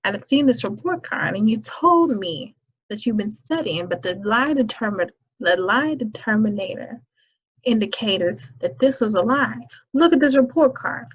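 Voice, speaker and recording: A woman's voice: a little high, animated, normal speed, husky. Woman doing a stern scolding mother. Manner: loud, emphatic, interrogating. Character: stern disappointed mother scolding her child. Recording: dull lo-fi recording.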